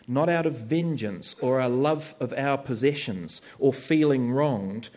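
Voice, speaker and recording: A man's voice: medium pitch, darkish tone. A man preaching a sermon in a conversational way, sometimes acting out the voices of his listeners.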